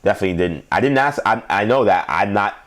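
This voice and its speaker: A man's voice: on the low side, lively intonation, quick pace, fairly bright tone. A young adult man hosting a sports show, giving rambling, emphatic commentary and laughing at his own stories.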